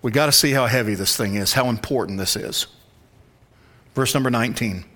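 Bright-voiced man preaching a sermon. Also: medium pitch, fairly quick. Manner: emphatic preaching, drops to a hushed whisper for stress. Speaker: pastor. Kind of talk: expository sermon.

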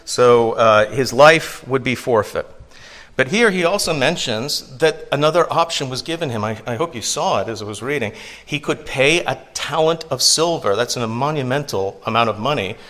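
Male pastor, bright ringing voice, lively sermon delivery that acts out quotes. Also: mid-range voice, moderate pace.

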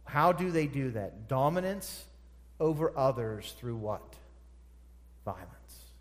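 A man's voice: mid-range voice, sing-song, takes it slowly. A man preaching a sermon, emphatic and repeating phrases for stress. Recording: long hall reverb.

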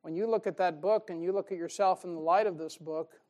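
In a high-pitched, fairly quick delivery, a man preaches in a homey, emphatic way. He chuckles at his own jokes and moves from loud emphasis to soft asides.

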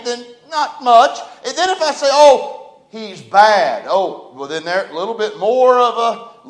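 A male pastor, preaching a folksy, dynamic sermon that swings between loud and soft. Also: very high voice. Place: church sanctuary. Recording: echoey church room.

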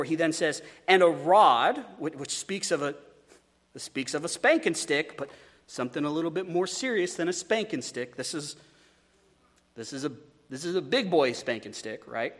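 A man's voice: on the high side, animated, normal speed, big-room sound. A man preaching a sermon as a pastor, conversational, with stumbling repeats and joking asides.

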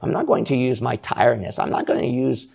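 Gravelly, husky male preacher. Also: medium pitch, expressive, a little fast, darkish tone. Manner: exhorting, repetitive rhetorical questions. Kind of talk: sermon.

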